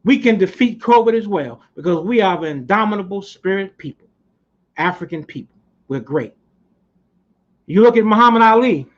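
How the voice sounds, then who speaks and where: A man's voice: high voice, animated, normal speed, pauses often. A man giving a fiery, preachy motivational speech, swearing now and then for emphasis. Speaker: speaker at a community society. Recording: muffled lo-fi recording.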